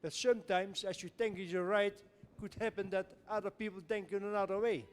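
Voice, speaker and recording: A man co-presenting at a seminar, explaining points in a measured way with non-native phrasing. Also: sits high, steady tone. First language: not English. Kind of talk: explaining to an audience. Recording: echoey hall with faint noise.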